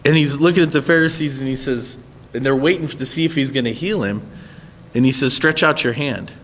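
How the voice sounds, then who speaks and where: A pastor with a mid-range voice preaches a sermon a little fast in a large hall, where a little hiss or hum can be heard. His style is conversational, and he often checks in with listeners by asking "right?"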